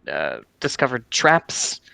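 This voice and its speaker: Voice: medium pitch, huge pitch swings, slow pace, creaky, pushed and bright, dry recording. A player at a tabletop role-playing game who makes dry jokes. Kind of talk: tabletop role-play chat.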